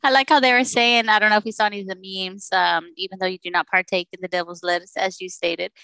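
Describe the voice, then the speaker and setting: A woman's voice: medium pitch, fairly even intonation, fast talker, creaky, sharp tone, smooth, no echo, rough recording. A woman co-hosting a podcast, chatting casually, telling stories and laughing often. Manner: giggly, storytelling, laughs often. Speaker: podcast co-host. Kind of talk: casual chat.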